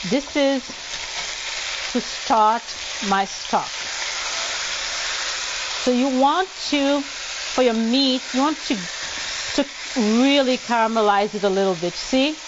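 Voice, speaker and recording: A woman's voice: on the high side, takes it slowly, pauses often, lo-fi sound, background noise. A woman hosting a casual cooking demonstration in her home kitchen, chatting through each step and slipping into French now and then. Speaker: cooking show host.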